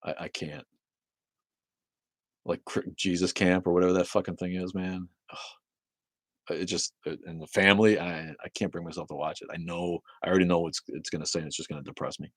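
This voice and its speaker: Low-voiced man ranting casually on a stream. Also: fairly even intonation, a little fast, fairly bright tone, no room sound. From Maine, USA. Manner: profane, rambling, sardonic, many fillers and restarts. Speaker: livestream host reading viewer comments. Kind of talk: casual ranting livestream chat.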